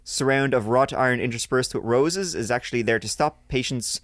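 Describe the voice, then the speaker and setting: Reading listener stories on his podcast, a man keeps a moderate pace in a slightly bright, mid-range voice, tossing in crude asides between the read sections. The casual banter is recorded dry and sounds clean, like a studio.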